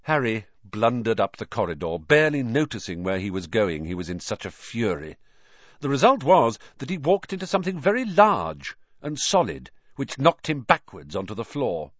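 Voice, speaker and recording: A male narrator reads a storybook with a lively, widely varied pitch. The recording is dry and slightly dull, with no room sound. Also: moderate pace, no echo. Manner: expressive, animated delivery. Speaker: audiobook narrator. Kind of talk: storybook reading. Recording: dry, slightly muffled audio.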